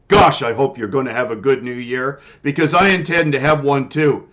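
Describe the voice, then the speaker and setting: An older retired man telling his complaint in a personal monologue, formal and measured at first, then loud and indignant. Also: medium pitch.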